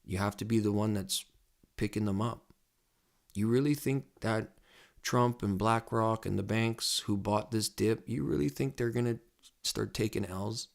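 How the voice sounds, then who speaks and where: Man, low-pitched, casual crypto market commentary, rambling, excitable, repeats words. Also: measured pace, creaky. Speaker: crypto trading educator.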